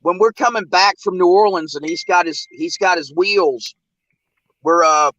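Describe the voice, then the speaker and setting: A man's voice: high voice, a little slow, fairly bright tone, muffled recording. A man, chatting casually as a host and rambling with plenty of fillers. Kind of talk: casual chat.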